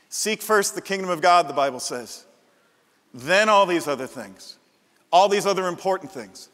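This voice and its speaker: A man's voice: sits high, expressive, normal speed, a bit bright. A middle-aged male pastor preaching a passionate, emphatic sermon with repeated phrases in a large church sanctuary. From Midwestern United States. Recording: long church-hall reverb.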